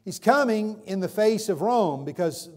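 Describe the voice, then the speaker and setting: A male pastor preaching a sermon in a church, swinging between loud emphatic calls and quieter explanation, with frequent questions to the congregation. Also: sits high, lively intonation, measured pace. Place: church sanctuary. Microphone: livestream recording from the pulpit.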